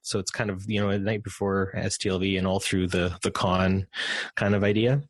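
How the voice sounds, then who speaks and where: A man's voice: sits low, little pitch movement, fairly quick, no echo. A man, a podcast guest, telling stories in a casual interview, rambling with many restarts.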